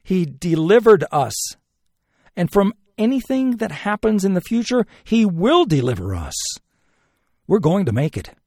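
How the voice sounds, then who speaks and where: Husky earnest male preacher. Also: very animated, unhurried, no echo, clean studio sound. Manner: earnest, pleading, drops low and soft on key words. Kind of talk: sermon.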